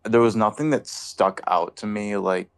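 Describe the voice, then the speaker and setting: A man co-hosting a casual movie discussion, speaking in a calm, measured way. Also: fairly low pitch, clean tone. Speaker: podcast co-host.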